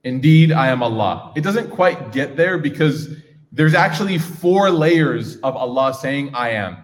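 A man's voice: medium pitch, expressive, measured pace. A man teaching a class on scripture, casual and engaging, asking his audience questions. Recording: reverberant hall.

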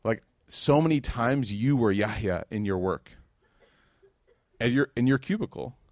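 Speaking at a measured pace in a mid-range voice, a man from the United States delivers a laid-back religious talk laced with humor. He tells stories with animation, voicing the dialogue himself, on a dry, studio-quality recording.

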